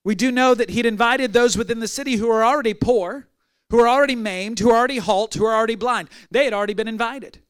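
High-voiced pastor preaching with emphasis. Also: male voice, fast, fairly bright tone, clear, resonant tone, no echo. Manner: emphatic, builds through repeated phrases. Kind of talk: sermon.

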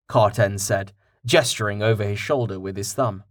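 A man narrating a fantasy audiobook in an expressive storytelling style on a close mic. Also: on the low side, moderate pace, no echo.

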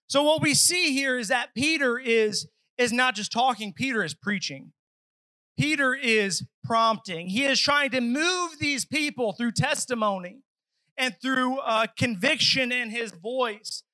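A man's voice: very high-pitched, unhurried, sharp tone, no echo, low-quality recording. A man preaching a sermon at a church service, earnest, and acting out pleading voices as he speaks.

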